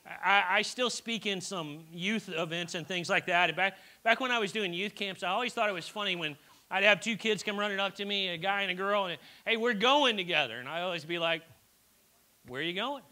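This middle-aged pastor preaches a church sermon in a high-pitched, fairly quick voice with a sharp tone. He tells personal stories chattily, often restarting and stammering.

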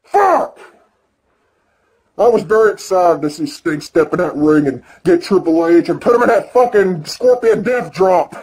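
A man ranting excitedly and profanely in a video reaction, swinging between yelling and mumbling. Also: high-pitched. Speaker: vlogger.

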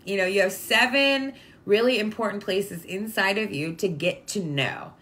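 Over slight background noise, this woman speaks at a moderate pace in a mid-range, somewhat bright voice. A spiritual vlogger and mother of a young daughter, she talks warmly and casually to viewers about energy and feelings, sprinkling in "like" and checking in with "right?".

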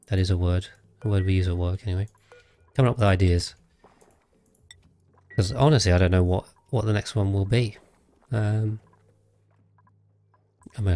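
A man with a somewhat low voice streams a video game live. He talks casually to his viewers and thinks aloud while he sorts out problems in the game. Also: darkish tone. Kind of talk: casual live gameplay commentary.

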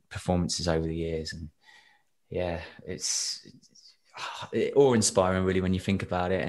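A young British man, a singer, chatting as a podcast guest and telling animated stories with frequent laughs and restarts. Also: deep voice. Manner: animated storyteller, laughs often, many restarts. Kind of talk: casual interview chat.

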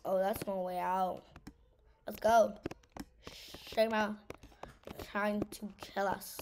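A woman's voice: medium pitch, flat delivery, slow pace, pauses often, background noise. A woman giving casual gameplay commentary, teasing and saying "bro" a lot. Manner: teasing, says "bro" a lot, scared outbursts. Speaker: gamer.

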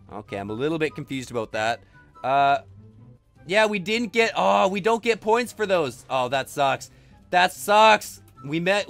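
A gaming YouTuber man with a high, light voice narrates his play in energetic bursts. He exclaims often and says things twice. Faint game music plays behind him. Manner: energetic, quick to exclaim, often repeats himself. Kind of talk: excited let's-play commentary.

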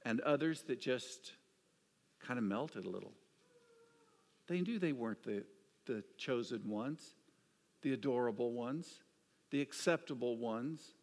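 A man preaching a sermon, telling stories with an animated delivery that drops to hushed, quiet asides. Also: medium pitch, a little slow, pauses often. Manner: storytelling, swings from animated to hushed. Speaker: pastor. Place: church sanctuary. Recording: church hall reverb.

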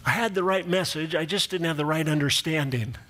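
A man's voice: on the high side, fairly quick, sharp tone, slight background noise. A middle-aged male pastor telling a personal story in a sermon, acting out quoted voices and laughing along with his own jokes.

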